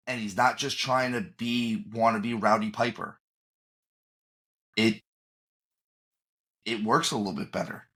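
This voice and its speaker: A man's voice: medium pitch, a bit bright. A man co-hosting a podcast in casual chat, opinionated and emphatic, often restarting his sentences. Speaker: podcast co-host.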